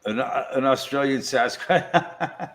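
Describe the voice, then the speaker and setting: A man's voice: medium pitch, takes it slowly, fairly bright tone. A man hosting a casual podcast chat, laid-back, laughing often and swearing casually. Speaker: podcast host.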